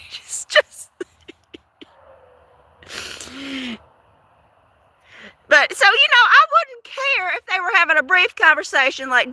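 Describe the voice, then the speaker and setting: Woman, livestream chat, animated storyteller, dry close sound. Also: high voice, unhurried, pauses often, no room sound. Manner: chatty, animated, repeats words for effect. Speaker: livestream host chatting with viewers.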